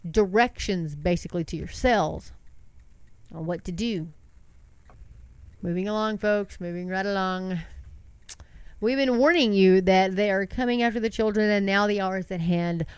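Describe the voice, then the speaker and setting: Middle-aged woman host, stuffy with a cold, smooth clear voice, dry close sound, fervent preachy commentary. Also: medium pitch, moderate pace, pauses often, no echo. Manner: impassioned, talks to her viewers as "folks", rhetorical questions. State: congested from a sinus cold. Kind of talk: preachy casual commentary, reading news aloud.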